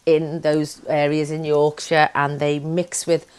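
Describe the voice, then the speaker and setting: A woman from Britain, an actor, giving an animated, expressive interview about her work and her upbringing. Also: low-pitched, takes it slowly, clear, resonant tone. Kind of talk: casual interview chat.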